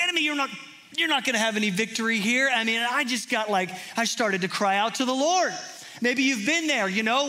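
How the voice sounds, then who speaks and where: A male pastor with a high, ringing voice delivers a heartfelt sermon. He tells a personal story with earnest feeling. At times he sinks into a soft, close hush. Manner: earnest storytelling, drops to hushed intimate tones.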